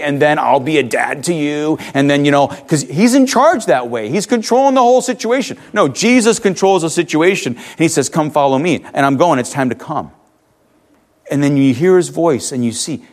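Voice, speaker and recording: Earnest male pastor preaching. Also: on the high side. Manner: earnest, rising to emphatic questions, dropping soft for stories. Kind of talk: sermon.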